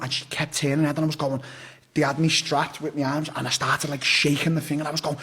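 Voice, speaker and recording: A man's voice: mid-range voice, level tone, rapid-fire, a bit bright, husky. A young man telling a story on a podcast, rambling and blunt, swearing freely and often restarting his sentences. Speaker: podcast guest. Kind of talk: casual storytelling.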